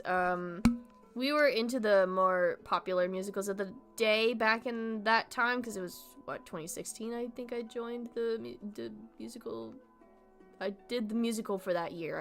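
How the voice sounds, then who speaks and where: A young woman chats on her stream in a bright, forceful voice. She talks animatedly, swears freely and laughs often, with faint guitar music playing behind her. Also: mid-range voice. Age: young adult. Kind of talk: casual chat stream.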